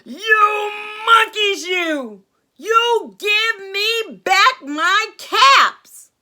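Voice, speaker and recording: A woman reading aloud plays a hot-tempered peddler man from a picture book, yelling his demands slowly and with force. His voice jumps high and bright, and the words stretch out wide. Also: lively intonation, heavily acted. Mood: shouting. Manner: scolding, shouting with slow stretched words. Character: angry male cap peddler, stubborn and hot-tempered.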